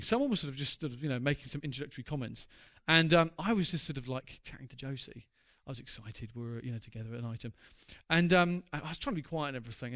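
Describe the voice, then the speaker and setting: A man with a high, light voice preaching from the pulpit. He speaks earnestly and personally, and his delivery swells into passionate, emphatic preaching. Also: a bit bright. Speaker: pastor. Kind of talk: sermon.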